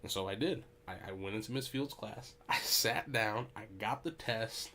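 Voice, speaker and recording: A young man hosting a podcast, telling a story in a casual, animated and profane way. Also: fairly low pitch, normal speed. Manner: animated, profane, laughing asides. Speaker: podcast host.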